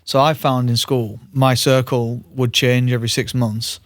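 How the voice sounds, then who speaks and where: A man's voice: medium pitch, moderate pace, dry recording. A man hosting a podcast, telling stories in a chatty way and laughing often. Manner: lively storyteller, chatty with frequent laughs. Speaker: podcast host. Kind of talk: casual podcast conversation.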